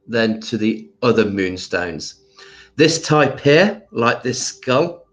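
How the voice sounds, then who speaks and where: Slow, chatty man greeting viewers. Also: medium pitch. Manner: slow, hesitant with frequent ums. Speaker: crystal shop livestream host. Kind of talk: casual livestream chat.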